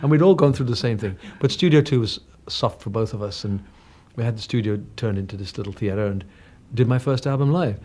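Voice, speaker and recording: A man's voice: lowish voice, fairly quick, hardly any pauses, dark tone. Chatty older Englishman from North London. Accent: English, slightly Cockney and northern. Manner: chatty, anecdotal, self-deprecating, frequent restarts. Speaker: guest singer. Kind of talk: casual interview chat. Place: radio studio.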